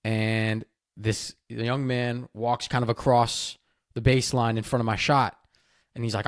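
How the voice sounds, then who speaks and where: A man hosting a podcast, telling a story in an animated, enthusiastic way. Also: medium pitch, a little slow, dry recording, studio quality. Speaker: podcast host. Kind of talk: casual podcast chat.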